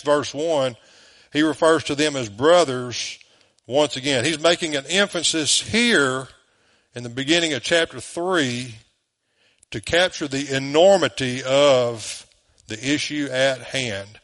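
Emphatic Southern pastor preaching. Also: male voice, fairly high pitch, a bit bright. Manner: emphatic preaching with rhetorical questions. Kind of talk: sermon. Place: church.

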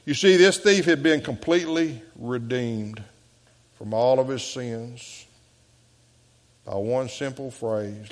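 A man with a Southern US accent preaching a sermon as pastor, earnestly swinging between raised appeals and hushed, slow quotations. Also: medium pitch, long reverb tail. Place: church sanctuary.

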